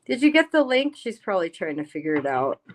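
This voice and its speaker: A woman's voice: mid-range voice, big pitch swings, fast talker. A woman hosting a casual livestream, reading the chat aloud and talking bluntly with plenty of swearing. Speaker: livestream host. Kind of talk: casual live-stream chat. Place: home.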